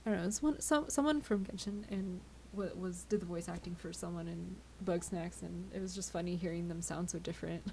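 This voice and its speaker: Woman streamer, sleepy and chatty, low gravelly fry, giggles a lot. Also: warm tone, slight background noise. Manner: chatty, giggly, stumbling over words. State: tired, yawning. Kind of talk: casual live-stream chat with viewers.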